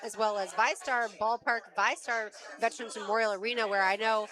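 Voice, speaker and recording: A woman's voice: fairly high pitch, fairly even intonation, fairly quick. A woman hosting a live sports radio show from a pub, chatty and rambling with lots of fillers. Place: live broadcast from a beach pub. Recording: crowd noise from a busy pub.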